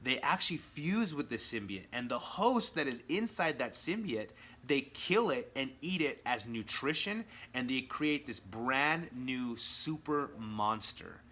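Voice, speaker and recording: Guy reviewing comics on his channel, bright forceful voice, super into it, chatty. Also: medium pitch, very animated, a little slow, hardly any pauses. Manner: enthusiastic, acts out quotes in character voices. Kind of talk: casual video review.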